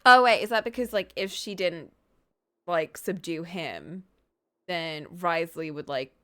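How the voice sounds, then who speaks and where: A woman's voice: fairly low pitch, measured pace, sharp tone. A young woman streaming a game, reacting casually and emphatically with lots of fillers. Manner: chatty, filler-heavy, emphatic.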